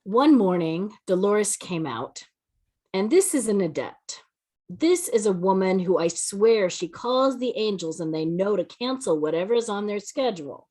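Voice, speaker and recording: Woman host, reads aloud expressively, husky voice, lively pitch, video call. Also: a little slow. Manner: expressive reading, with soft backchannel hums. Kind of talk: reading aloud from a text.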